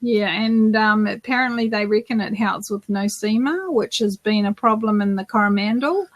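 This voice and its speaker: A woman's voice: mid-range voice, moderate pace, no echo. A woman from New Zealand co-hosting a beekeeping podcast, chatting casually with lots of fillers and restarts. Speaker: podcast co-host. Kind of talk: casual live Q&A chat.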